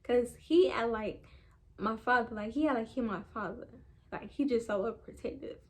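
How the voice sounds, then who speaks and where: A young woman tells a storytime in a loose, rambling way. She slips into quoted voices as she goes, and her voice sits a little higher than most. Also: normal speed. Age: young adult. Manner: chatty, rambling, animated retelling with quoted voices. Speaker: vlogger. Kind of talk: casual storytime.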